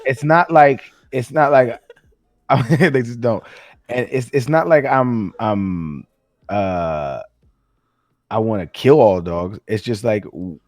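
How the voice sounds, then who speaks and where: A man's voice: fairly low pitch, a little mellow, dry recording, studio quality. A man talking casually on a podcast, stumbling and restarting as he works through his thoughts. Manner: halting, restarts often, quotes himself with slangy asides. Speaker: podcast host. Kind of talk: casual chat.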